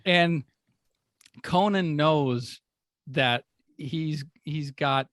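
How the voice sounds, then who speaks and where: A man's voice: a little high, very slow, a bit bright, dry recording. A man co-hosting a podcast, animatedly retelling a story with lots of fillers and quoted lines. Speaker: podcast co-host. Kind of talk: casual storytelling chat.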